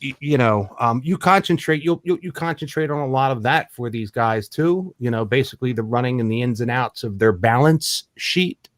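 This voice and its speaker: A podcast host from Philadelphia with a Philly accent, chatting excitably with a guest, often repeating words and laughing. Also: male voice, medium pitch, moderate pace, hardly any pauses, no room sound, clean studio sound. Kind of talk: casual interview chat.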